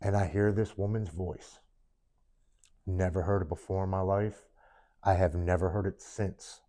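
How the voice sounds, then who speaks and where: Deep-voiced man, earnest storyteller. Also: fairly even intonation, unhurried, warm tone. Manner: earnest, tells the past in the present tense. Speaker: podcast guest. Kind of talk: personal recovery story in a sit-down interview. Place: studio, in person with hosts.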